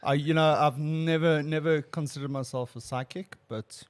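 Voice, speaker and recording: A man's voice: a little high, steady tone, moderate pace. A man hosting a casual podcast, chatty and rambling, laughing often. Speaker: podcast host. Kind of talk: casual chat.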